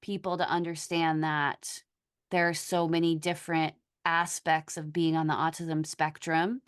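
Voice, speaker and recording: A woman hosting a casual podcast chat, speaking earnestly and haltingly with many pauses. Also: low-pitched, flat delivery, clean tone. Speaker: podcast host.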